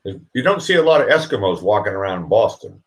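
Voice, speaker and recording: A man's voice: on the low side, big pitch swings, a little fast. A man hosting a casual livestream chat, rambling and joking and laughing often as he talks. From United States. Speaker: livestream host.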